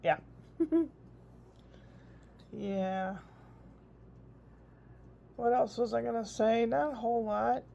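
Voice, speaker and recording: Gravelly-voiced older grandmother rambling. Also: a little high, slow, long pauses, mellow. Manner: chatty, rambling, frequent laughs. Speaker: vlogger. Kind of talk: casual rambling video diary. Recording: dull lo-fi recording.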